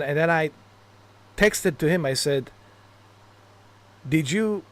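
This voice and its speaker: A man telling stories in casual chat on his game stream, rambling and laughing at his own jokes. His voice sits a little high for a man, and he curses freely as he goes. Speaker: gaming streamer.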